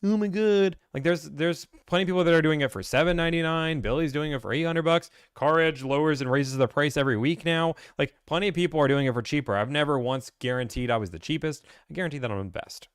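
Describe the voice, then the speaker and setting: A man hosting a casual Q&A stream, blunt and ranting, acting out salesmen in quick put-on voices. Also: fairly high pitch, clean tone, dry recording, clean studio sound. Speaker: host answering viewer questions. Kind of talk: casual livestream Q&A.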